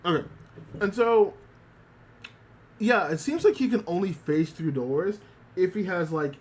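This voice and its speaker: A male VTuber chatting on a casual livestream, rambling and looping back on himself. He swears freely and often repeats lines. His voice sits a bit high for a man. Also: expressive, unhurried, darkish tone. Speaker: VTuber streamer.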